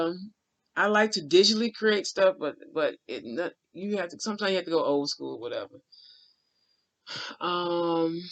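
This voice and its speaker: In a casual vlog, a man who works as a spiritual channeler spins a heartfelt, meandering spiritual story. His voice is on the high side and a bit bright, and his colloquial talk is full of restarts and drawled asides like "honey" and "child."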